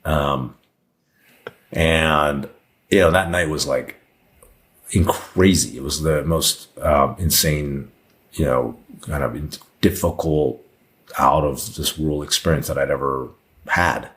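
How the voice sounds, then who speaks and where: Speaking slowly with long pauses, a thirty-something podcast guest rambles candidly through a personal story, full of fillers and false starts. His voice is very deep yet fairly bright in tone.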